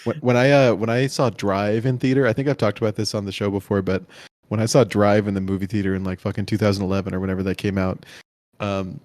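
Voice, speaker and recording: A man co-hosting a podcast, telling a story in casual chat with halting fillers. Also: on the low side, level tone, darkish tone, no room sound, clean studio sound. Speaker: podcast co-host.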